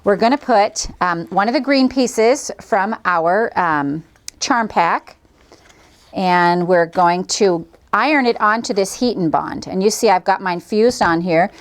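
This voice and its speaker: A woman's voice: mid-range voice, unhurried. A middle-aged woman hosting a quilting tutorial, chatting cheerfully and folksily as she demonstrates each step. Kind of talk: friendly craft demonstration.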